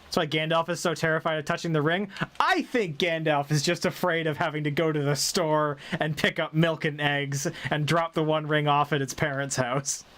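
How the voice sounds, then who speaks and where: His intonation stays fairly even at a moderate pace, in a voice that's on the high side and a bit bright. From the American South, with a light, mostly faded drawl, he live-streams a game while chatting casually, rambling playfully, and laughing frequently.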